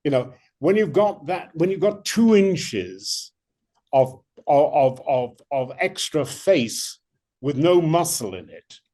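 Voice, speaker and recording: An older male actor, a guest in an interview, telling animated stories with many restarts. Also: fairly high pitch, slow pace. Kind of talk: interview anecdotes.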